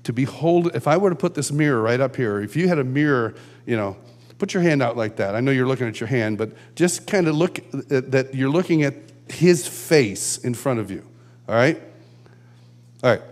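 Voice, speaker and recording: A man's voice: mid-range voice, animated, moderate pace. Conversational man preaching at a conference. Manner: conversational, with acted-out shouts and quotes. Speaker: conference speaker. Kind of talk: sermon. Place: large church hall.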